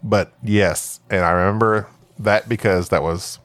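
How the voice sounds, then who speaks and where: A man's voice: on the low side, steady tone, a little slow, a bit bright, dry recording. A man co-hosting a podcast, bantering casually and trading quips. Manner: playful, chimes in with quips and put-on voices. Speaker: podcast co-host.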